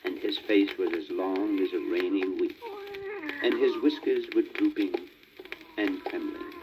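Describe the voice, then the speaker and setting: A man narrating a children's storybook record in an expressive, lilting way, on a muffled old vinyl record with faint static. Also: low voice, unhurried.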